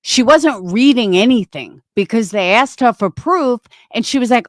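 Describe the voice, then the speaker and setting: A woman's voice: fairly high pitch, expressive, normal speed, no echo, studio quality. A woman hosting a commentary channel, blunt and confrontational, cursing freely as she calls someone out. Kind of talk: angry commentary.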